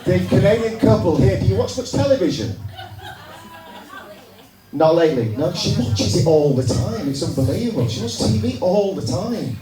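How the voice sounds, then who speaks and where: A Northern English comedian from Yorkshire works the room with chatty, sardonic crowd work. His voice sits slightly high and comes from a distance, with a roomy echo and noise in the background. It sounds like a live stand-up comedy recording. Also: big pitch swings, normal speed, over music. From England. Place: comedy club stage. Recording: echoey room, recorded from far off, noisy. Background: audience laughter.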